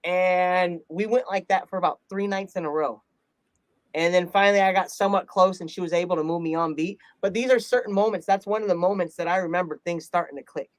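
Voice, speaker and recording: A man, a rap artist, telling a personal story in an earnest, animated way, often laughing and acting out quotes. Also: sits high, fairly quick, no room sound. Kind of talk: casual interview storytelling.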